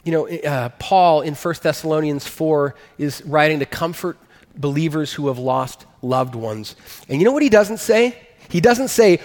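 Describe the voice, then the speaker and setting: A man's voice: on the high side, lively intonation, normal speed, darkish tone, in a large hall. A man preaching a sermon as a pastor, earnest and emphatic, rising to stress his points.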